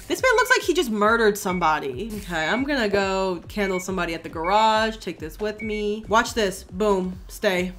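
A young woman streaming a game, commenting excitedly, swearing freely and talking to her viewers. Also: mid-range voice, moderate pace, few pauses, slight background noise. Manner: excitable, profane, talks to the chat. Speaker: gaming streamer. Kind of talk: casual gameplay commentary.

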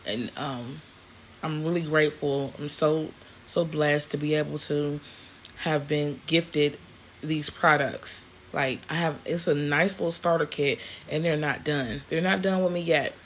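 A woman's voice: deep voice, steady tone, a little slow, a little hiss or hum. A woman, chatting casually to camera in a vlog, grateful and rambling with many restarts. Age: 40s. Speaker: vlogger.

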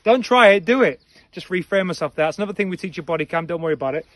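A male head coach giving an upbeat, energetic coaching talk, quizzing listeners and calling them team. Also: high-pitched, rapid-fire, dry recording. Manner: energetic, playful.

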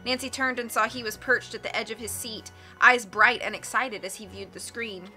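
A woman reading a mystery novel aloud with clear, steady storytelling. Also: a little high, normal speed, soft background music. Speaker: audiobook reader.

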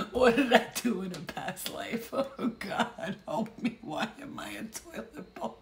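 A woman's voice: on the high side, lively intonation, slow pace, a little hiss or hum, pitched above the performer's own voice. Woman putting on a wailing sad toilet. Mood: lamenting. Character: crying unhappy toilet, grumbling and whining.

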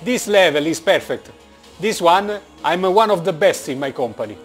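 A man from Italy with a strong Italian accent, talking in a casual vlog, animated and joking, blunt, with lots of filler sounds. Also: fairly high pitch, moderate pace, soft background music. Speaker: vlogger. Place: indoors, working in Germany.

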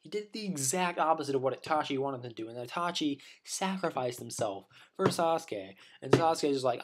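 A man's voice: mid-range voice, lively intonation, a little fast, few pauses, slight background noise. A man delivering a rambling, profane opinion rant as a vlogger, full of restarts and blunt insults.

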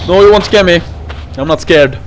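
A woman commentating a horror game playthrough, jumpy and frightened, swearing, laughing nervously and shouting in fright. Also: fairly low pitch, moderate pace, slight background noise. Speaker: gaming channel host. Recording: game music behind the voice.

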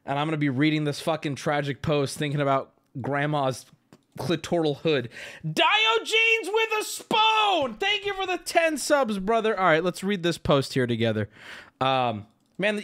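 A man streaming live, talking casually to his chat and swinging between loud outbursts and low mutters. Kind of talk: casual livestream talk.

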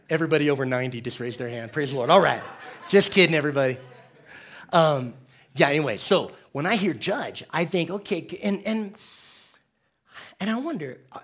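A man's voice: on the high side, a bit bright, husky. A man from the United States preaching a conversational, joking sermon as pastor.

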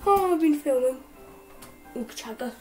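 Giggly high-voiced woman gaming. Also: lively intonation, unhurried, darkish tone. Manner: giggly, chaotic, swears a lot. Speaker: gaming channel host. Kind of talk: let's play commentary. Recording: voice far from mic, faint game music.

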